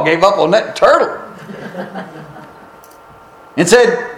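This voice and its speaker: A man preaching a storytelling sermon in a church, folksy and unhurried with drawn-out pauses. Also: a little high, big pitch swings, reverberant, low-quality recording.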